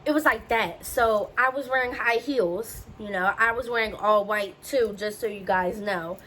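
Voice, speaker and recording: Speaking straight to her viewers, a young woman vlogger tells a personal story in a loose, chatty, animated way, switching into other people's voices when she quotes them. Her voice is mid-range at normal speed, in a low-quality recording with a faint hum underneath.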